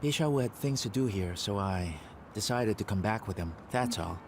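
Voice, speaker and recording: A young man dubbing a calm, firm male student in an English drama dub. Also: on the low side, background noise. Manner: firm, measured. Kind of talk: dubbed drama acting.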